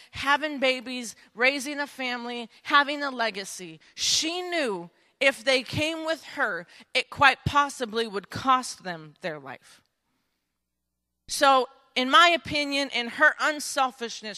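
A woman preaching an animated sermon, acting out scenes and talking straight to her audience. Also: high-pitched. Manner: dramatic, acts out scenes, addresses audience directly. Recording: echoey hall.

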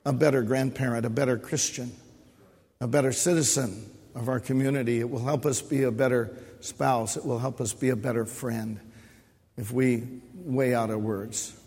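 Husky preacher in a reverberant church. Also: male voice, medium pitch, fairly even intonation, moderate pace, darkish tone. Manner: preaching with repetition and call-and-response. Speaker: pastor. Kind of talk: sermon. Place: church sanctuary. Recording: long hall reverb.

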